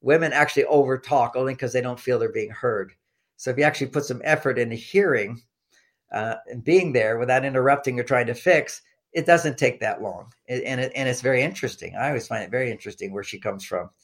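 Animated man telling stories in an interview. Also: medium pitch, fast talker. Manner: animated storyteller who acts out quoted dialogue; repeats words when starting sentences. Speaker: relationship author and podcast guest. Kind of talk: conversational interview, anecdotal teaching.

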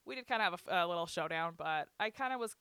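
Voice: medium pitch, animated, racing, pushed and bright, clear, resonant tone, no room sound. A young adult telling a personal story in casual chat, candid and profane, laughing often and quoting others. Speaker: guest recounting a hospital stay.

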